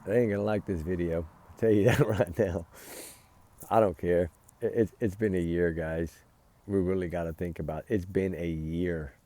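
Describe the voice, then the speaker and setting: A man's voice: low-pitched, steady tone, moderate pace, warm tone. A man giving heated, emphatic casual commentary as a vlogger, recorded outdoors by a fire at night. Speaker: true-crime vlogger.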